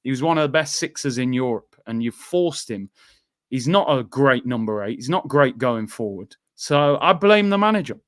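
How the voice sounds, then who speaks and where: A man's voice: mid-range voice, moderate pace. A man hosting a casual football chat, speaking bluntly and with firm opinions. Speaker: host.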